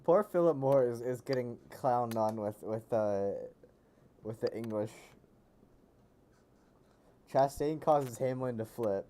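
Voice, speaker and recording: A man chats loosely while he plays a racing game, joking around and catching himself mid-sentence. His voice is mellow and relaxed, at an ordinary pitch for a man. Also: slow pace, pauses often. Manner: rambling and jokey, often correcting himself. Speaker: gaming streamer. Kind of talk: casual live game commentary. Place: lives near a Pennsylvania capital city.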